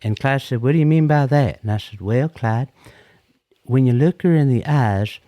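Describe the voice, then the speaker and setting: A man's voice: mid-range voice, normal speed, mellow, no room sound. A man calling in to tell a rambling, comedic story in a folksy way, often repeating and restarting himself. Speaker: caller.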